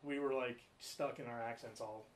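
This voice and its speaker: A man's voice: mid-range voice, fairly even intonation, normal speed, slight background noise. Rambling, swearing podcast co-host man. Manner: rambling storyteller, swears freely. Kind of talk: casual chat.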